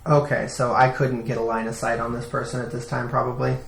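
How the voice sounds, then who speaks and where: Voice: medium pitch, level tone, a little fast, vocal fry. A player in a tabletop game, talking casually and cursing mildly at bad luck. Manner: casual, mild swearing. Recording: echoey room, faint noise.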